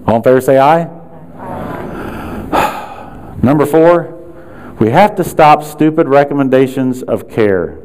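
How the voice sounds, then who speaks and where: A man's voice: medium pitch, lively intonation, a little slow, pauses often, darkish tone. Man giving a punchy seminar talk. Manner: punchy, rhetorical questions, sarcastic asides. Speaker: chiropractic management speaker.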